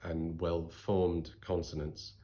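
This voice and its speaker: Deep-voiced Australian man, reflective. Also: takes it slowly. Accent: Australian, softened by voice training. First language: English. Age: 40s. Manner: thoughtful, articulate, lively with restarts. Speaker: interviewee. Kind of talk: reflective interview answers.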